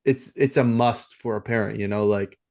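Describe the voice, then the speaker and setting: A man's voice: on the low side, fairly even intonation, moderate pace, gravelly, a little mellow. A man co-hosting a film podcast, talking casually and rambling with many fillers and restarts. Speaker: podcast co-host.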